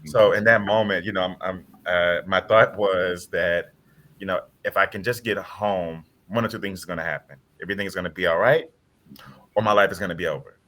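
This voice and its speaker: A man with a low voice tells a personal story on a video-call panel. His tone is bright and forceful. He speaks earnestly and with feeling, often acting out what others said. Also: steady tone, a little fast. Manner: earnest, heartfelt retelling with quoted dialogue.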